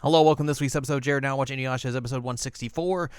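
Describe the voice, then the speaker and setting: A man's voice: medium pitch, racing, clean tone, no room sound, studio quality. A young man hosting a casual chat show, recapping an episode and acting out lines in silly voices. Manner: animated, acts out characters' lines in silly voices. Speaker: podcast host.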